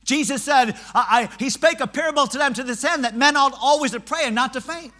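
A male pastor preaching a sermon in church, swinging from shouted swells to hushed, quiet lines. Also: very high-pitched, fairly quick.

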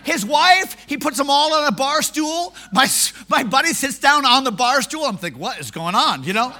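Very high, bright-voiced male preacher. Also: normal speed. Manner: animated, self-mocking storytelling. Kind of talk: sermon.

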